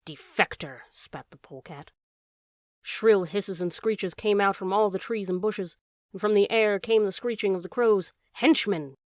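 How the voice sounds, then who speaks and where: A woman narrating a classic animal story in a measured, expressive reading voice. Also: medium pitch, no echo, studio quality. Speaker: audiobook narrator.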